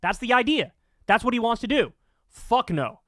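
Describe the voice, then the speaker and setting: A man's voice: very high voice, sing-song, moderate pace, fairly bright tone, no echo, studio quality. A man hosting political commentary, ranting angrily with lots of swearing. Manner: angry, profane ranting.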